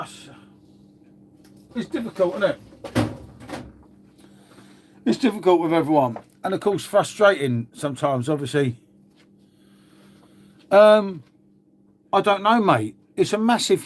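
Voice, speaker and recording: A middle-aged man, chatting casually and rambling to viewers as a livestream host. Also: sits high. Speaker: livestream host reading chat. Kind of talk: casual live chat.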